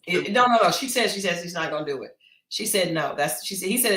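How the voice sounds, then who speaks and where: A podcast co-host on a livestreamed chat show, recorded in a home studio, gives blunt, gossipy takes on a reality dating series, retelling scenes with animation. Her voice sits on the low side and she talks quickly. The sound is reverberant.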